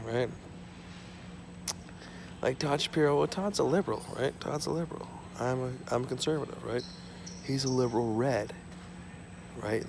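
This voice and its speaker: Gravelly man ranting to camera. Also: medium pitch, background noise. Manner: ranting, profane, repetitive, drifting off topic. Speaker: vlogger. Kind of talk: rambling monologue to camera. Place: small home.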